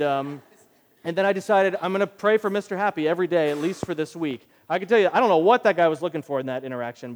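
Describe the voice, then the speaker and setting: A man preaching as pastor, his voice sitting a bit high. He recounts a story with lively, animated emphasis. The sound carries a long reverb from a large hall. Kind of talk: sermon.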